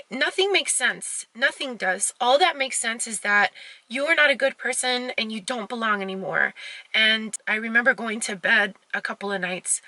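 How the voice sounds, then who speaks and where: Woman, fitness vlogger, candid confessional talk at home, bright tone, dry close sound. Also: a little high, no echo. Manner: open, confessional, conversational with many fillers. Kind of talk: candid personal vlog.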